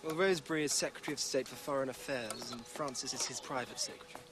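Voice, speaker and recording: A man's voice: mid-range voice, quick pace, natural voice. A man playing a petulant young aristocrat. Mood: dry. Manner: petulant, bored, cutting.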